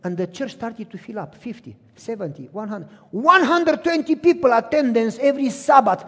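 A middle-aged male pastor preaching in a large hall, his voice carrying a long reverb. He speaks in a fairly high, slightly husky tone, telling stories with animation. He playacts both sides of remembered conversations. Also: normal speed. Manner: animated storytelling, acts out both sides of phone calls. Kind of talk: sermon with personal stories.

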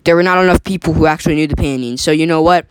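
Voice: medium pitch, fairly even intonation, very fast, slight background noise. A speaker casually retelling a cartoon episode, rambling with many fillers and restarts and acting out the characters' lines in raised voices. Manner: rambling, lots of "like" and restarts, acts out quoted lines.

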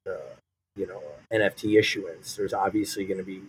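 A man co-hosting a podcast in casual chat, telling animated stories and swearing a lot. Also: sits low, a little fast, slight background noise, poor audio. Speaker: podcast co-host.

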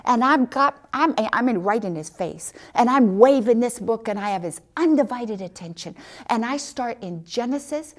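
A middle-aged woman telling a personal missionary story, acting out the dialogue with big jumps in pitch. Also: lively intonation, normal speed.

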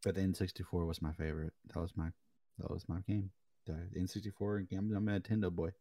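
A young man co-hosting a casual gaming chat, telling animated stories and swearing freely. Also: sits low, fast. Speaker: podcast co-host.

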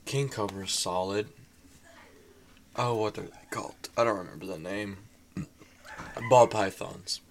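A man's voice: lowish voice, measured pace, creaky, long pauses, slight background noise. A young man co-hosting a casual podcast chat, telling stories and laughing often. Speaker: podcast co-host.

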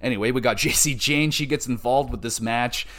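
A man's voice: mid-range voice, a little fast, a bit bright. Chatty, swearing male podcast host. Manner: loose, profane, chatty. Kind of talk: solo wrestling recap podcast.

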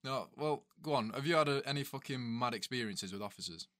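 Male host, ex-army, bright and punchy, sweary banter, dry close sound. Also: mid-range voice, a little fast, no echo. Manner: swears a lot, animated storytelling. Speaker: podcast host, ex-soldier. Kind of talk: casual banter.

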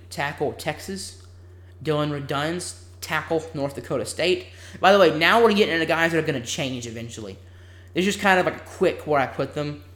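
A man hosts his own sports podcast, working down a long ranked list of players. He breaks off now and then for loose, rambling asides. His voice sits a little high and rings in a roomy, echoey space. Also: fairly bright tone. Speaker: podcast host. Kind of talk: solo sports podcast, reading a draft ranking list.

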